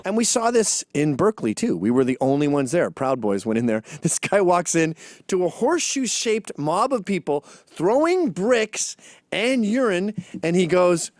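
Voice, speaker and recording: Animated, mocking male storyteller. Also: high-pitched, normal speed, no echo, studio quality. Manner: animated, mocking, mimics chants. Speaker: commentator. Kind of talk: profane storytelling monologue.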